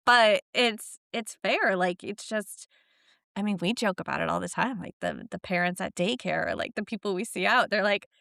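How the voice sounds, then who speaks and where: A woman's voice: mid-range voice, animated, moderate pace, gravelly, sharp tone, no room sound, studio quality. A woman co-hosting a podcast, talking reflectively in casual chat with many "like"s. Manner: reflective, filler-heavy, lots of "like". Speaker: podcast co-host.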